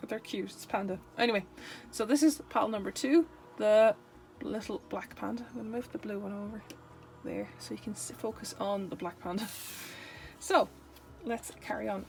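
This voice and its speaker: A woman's voice: mid-range voice, a little hiss or hum. A woman giving a casual, chatty tarot reading to camera, playful and rambling, often correcting herself mid-sentence. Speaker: tarot reader.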